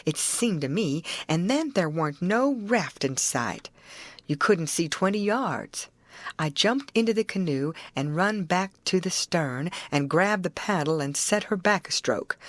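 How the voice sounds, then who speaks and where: A woman's voice: fairly low pitch, fairly bright tone, no echo. A woman narrating a classic novel as an audiobook, telling it expressively in first person with rural dialect.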